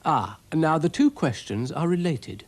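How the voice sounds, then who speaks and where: Chirpy boastful snail, voiced by a man, squeaky, slow husky delivery. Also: lively intonation, darkish tone. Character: cheerful, boastful male snail.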